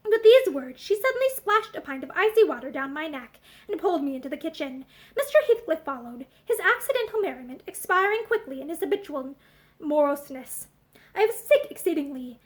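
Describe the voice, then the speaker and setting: A woman reading a classic novel aloud in an expressive, animated way, seated indoors before a camera. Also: high-pitched. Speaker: audiobook reader.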